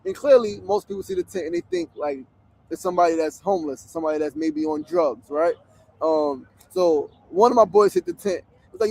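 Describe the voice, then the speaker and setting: This casual phone livestream comes from a tent on a city street, where a blunt, foul-mouthed host from New York in his 40s holds forth. He has a high, sing-song voice that's somewhat dark in tone, creaky, and a bit on the fast side.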